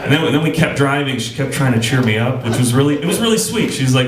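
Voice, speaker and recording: A man doing deadpan stand-up comedy, telling a long story. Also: mid-range voice, quick pace, few pauses, a little hiss or hum. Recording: roomy club, loud audience laughter.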